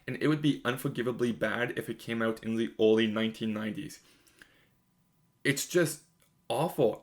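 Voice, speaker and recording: A young man giving a casual spoken film review, frank and exasperated, with plenty of "like" and "um" fillers. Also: mid-range voice. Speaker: movie reviewer.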